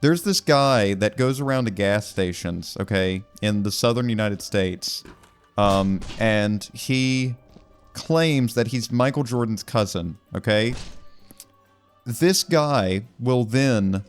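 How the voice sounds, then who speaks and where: A man's voice: fairly low pitch, slow pace, clean tone, soft background music. Rambling young man narrating gameplay. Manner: rambling, wry storytelling with many fillers. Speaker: gaming video creator. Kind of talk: casual gameplay commentary.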